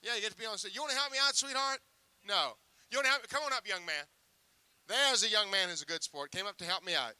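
A man doing sideshow magic patter on stage, teasing a volunteer with jokes. His voice sits high for a man and sounds very bright and forward. The sound is dry and close. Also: lively intonation, quick pace, smooth, no room sound. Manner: joking, teasing showman banter.

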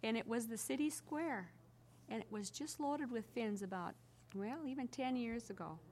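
A woman's voice: fairly high pitch, moderate pace. Chatty older woman telling stories. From Minnesota Iron Range. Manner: chatty, animated anecdote-telling with frequent restarts. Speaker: interviewee. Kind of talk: casual oral-history storytelling.

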